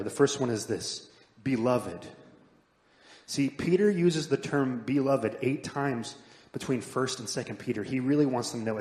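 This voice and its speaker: A man preaching a sermon as pastor, earnest and conversational, rising to stress points and dropping soft at the ends of lines. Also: mid-range voice. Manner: earnest, builds up then drops to soft emphatic endings. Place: church sanctuary. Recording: echoey hall with long reverb.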